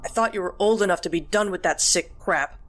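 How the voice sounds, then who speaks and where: A woman voicing a gruff, mean old grandpa. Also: fairly low pitch, brisk, fairly bright tone, lightly acted. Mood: grumbling. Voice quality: gruff, grumbling.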